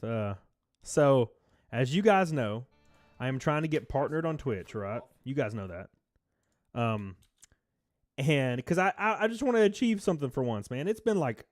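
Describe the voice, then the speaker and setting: A man live streaming, chatting casually, swearing, laughing often and reading chat aloud in a low-key mood. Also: no echo, studio quality.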